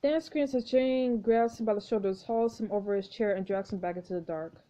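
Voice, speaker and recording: A woman reading a mobile story game aloud for a walkthrough, in steady, hushed narration. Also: mid-range voice, fairly quick, dull audio.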